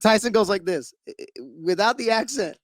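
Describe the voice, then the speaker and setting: A man co-hosting a casual podcast chat, an animated storyteller who repeats words as he gets going. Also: high voice, fairly quick, no room sound. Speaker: podcast co-host.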